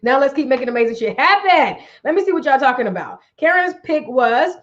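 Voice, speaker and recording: An upbeat woman coach chatting on a live stream, warmly reading viewers' comments aloud and repeating her phrases for emphasis. Her voice sits a little high. The sound is dull and lo-fi, like stream audio. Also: big pitch swings, a little fast.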